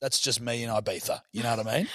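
A man's voice: medium pitch, fairly even intonation, quick pace, a crowd in the background. A man, co-hosting a podcast with sweary, laughing banter. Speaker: podcast co-host. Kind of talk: crude casual banter.

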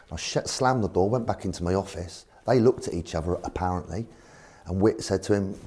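A man's voice: lowish voice, brisk, breathy edge. A man, a former football manager, telling anecdotes in an interview, acting out the voices of the people in them. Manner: animated storyteller acting out voices.

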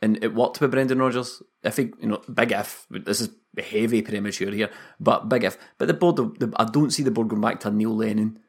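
A Scottish man with a gravelly edge and a slightly low voice co-hosts a football podcast. He talks loosely, stumbling over restarts and laughing easily. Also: fairly quick, few pauses. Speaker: podcast co-host. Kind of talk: casual football podcast chat.

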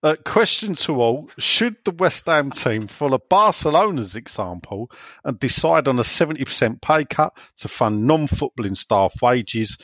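Lively joking man hosting. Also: medium pitch, normal speed, no room sound. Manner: jokey, reads listener questions aloud. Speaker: podcast host. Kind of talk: casual podcast chat.

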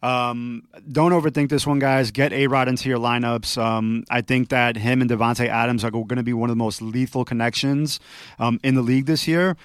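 A man co-hosting a casual podcast, giving relaxed advice with frequent ums. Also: mid-range voice, a little fast, smooth, dry recording, studio quality. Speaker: podcast co-host. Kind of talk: casual fantasy football chat.

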